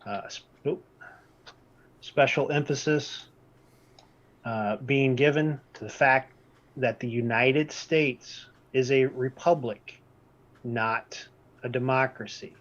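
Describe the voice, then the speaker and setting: Deliberate male presenter, lo-fi sound. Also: medium pitch. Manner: deliberate, repeats key points. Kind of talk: reading-based presentation.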